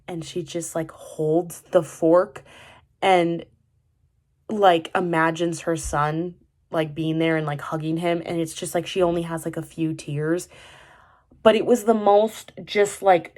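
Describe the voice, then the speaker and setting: Young woman vlogger, low voice, loose rambling delivery with lots of fillers. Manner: rambling, many "like" fillers and restarts. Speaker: vlogger reviewing a TV drama. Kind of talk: casual chat.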